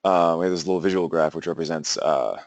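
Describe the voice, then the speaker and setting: A man's voice: low voice, quick pace, no room sound, highs cut off. A young man teaching a class, talking loosely with lots of fillers and restarts. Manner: rambling, many fillers and restarts. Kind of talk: classroom lecture.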